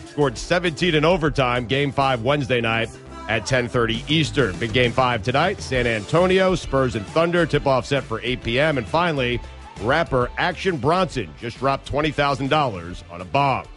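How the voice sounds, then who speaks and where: A man reading a brisk sports news update as a radio co-host. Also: medium pitch, lively intonation, fairly bright tone, soft background music.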